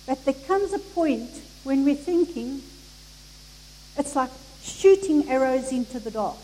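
High, lively woman preaching in a hall. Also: unhurried. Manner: expressive, acts out the people in the story. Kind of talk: sermon. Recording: echoey hall with faint noise.

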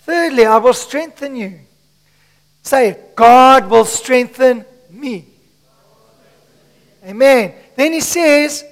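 A male pastor preaching a sermon to his church, swinging between shouts and hushed asides, his voice strained from shouting. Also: very high voice, slow pace, in a large hall. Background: congregation.

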